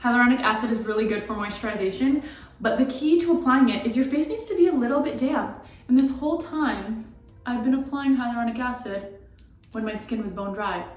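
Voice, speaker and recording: A woman's voice: a little high, fairly quick. Young woman vlogging candidly in an echoey room. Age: 20s. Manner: candid, heartfelt, rambling with many likes. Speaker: beauty vlogger. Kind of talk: casual confiding vlog chat. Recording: echoey room, distant mic, background music.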